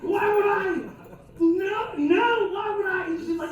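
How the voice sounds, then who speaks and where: A man's voice: very high voice, steady tone, normal speed. A man doing a stand-up set, profane and rambling, laughing at his own lines. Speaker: stand-up comedian. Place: comedy club stage. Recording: echoey club from far off.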